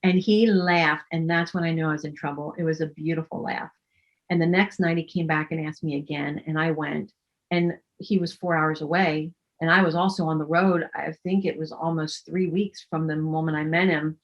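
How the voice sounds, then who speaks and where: A woman's voice: sits low, steady tone, normal speed, dull audio. A woman storyteller telling a personal story in a casual way, with wry, self-deprecating humor.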